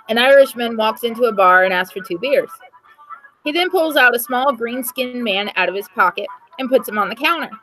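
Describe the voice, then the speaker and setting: A woman's voice: fairly high pitch, rough recording. A woman reading jokes aloud to friends in a casual chat, giving the dialogue small changes of voice. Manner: lively joke-telling, dialogue read with small changes of voice. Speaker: host telling jokes.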